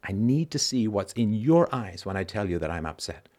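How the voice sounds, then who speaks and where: A man's voice: lowish voice, sing-song, moderate pace, a little mellow. A man hosting a call-in show, giving an emphatic philosophical monologue and repeating key lines for stress. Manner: briefly acts out other people's reactions in mocking voices.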